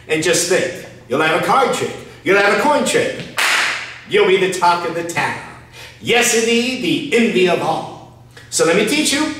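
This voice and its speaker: A man leads a magic lesson in a showman's voice, pausing for drama between lines. His delivery is high and swoops up and down, slow and deliberate. He sounds distant from the mic in a very echoey room. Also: bright, forceful tone. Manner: showman patter with dramatic pauses. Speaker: magician and juggler. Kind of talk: theatrical magic lesson for viewers.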